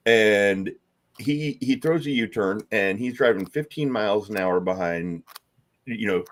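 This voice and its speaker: A middle-aged man co-hosting a podcast in casual chat, telling stories and acting out the people in them. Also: fairly low pitch. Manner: storytelling, animated voices for quoted people. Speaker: podcast co-host.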